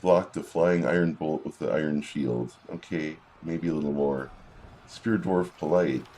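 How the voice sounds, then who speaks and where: Very deep husky-voiced man. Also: unhurried, warm tone. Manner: reads in-game combat logs aloud with wry asides. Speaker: video game commentator. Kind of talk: casual gameplay commentary.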